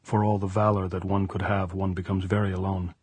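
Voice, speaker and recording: A man reading the lines of a blunt, earthy middle-aged guerrilla woman in an audiobook, speaking frankly and gravely. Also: sits low, flat delivery, fairly quick, a little mellow, no echo.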